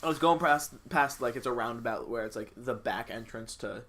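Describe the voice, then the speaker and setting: A man's voice: medium pitch, brisk, a bit bright. A young man, a podcast co-host, telling a story in casual chat with lots of filler words. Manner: rambling storyteller, many "like" fillers.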